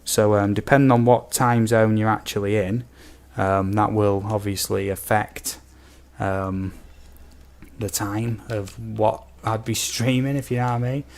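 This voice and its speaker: On his game stream, a young UK gaming streamer talks in a fairly low, unhurried voice with little pitch movement. The chat is casual and rambling, with viewer comments read aloud amid many ums and asides.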